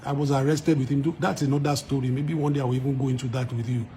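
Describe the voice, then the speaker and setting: A man's voice: medium pitch, fairly even intonation, fast, mellow, slight background noise. A man with a Nigerian accent, a musician speaking straight to his followers in an emphatic, argumentative way, repeating points for force. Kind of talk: direct-to-camera address to followers.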